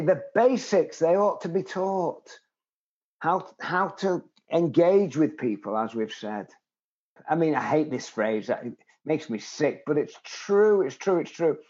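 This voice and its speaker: A man in his seventies appears as an interview guest, speaking in a mid-range, darkish voice on dull-sounding audio. He tells stories with animation and acts out the people he quotes.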